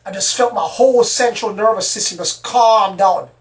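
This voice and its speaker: An excitable storyteller who rambles through a personal account and keeps repeating words. The voice sits at middle pitch and sounds somewhat far from the mic. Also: normal speed. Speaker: storyteller recounting an alien encounter. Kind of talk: casual spoken storytelling.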